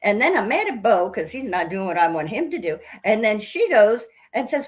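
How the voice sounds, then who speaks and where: A woman hosting a book interview, effusive and animated as she tells how a book affected her. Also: medium pitch, moderate pace. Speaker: podcast host. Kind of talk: casual interview chat.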